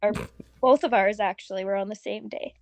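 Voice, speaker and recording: A woman's voice: medium pitch, steady tone, fairly quick, creaky, no echo. A woman client giving short, hesitant replies during a reading.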